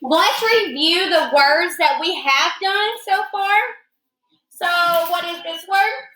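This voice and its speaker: A woman teacher giving a phonics lesson to young children, slow and patient, drawing out her words. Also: very high voice, expressive, pushed and bright. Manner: patient, sing-song, slowly drawn-out words. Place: classroom with children. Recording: echoey classroom.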